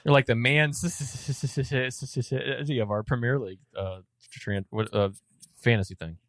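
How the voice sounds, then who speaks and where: A man's voice: medium pitch, fairly even intonation, moderate pace, a bit bright, no room sound. A man co-hosting a podcast in casual chat, teasing his friends and stumbling over his words. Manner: playful teasing, stammers and restarts. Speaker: podcast co-host.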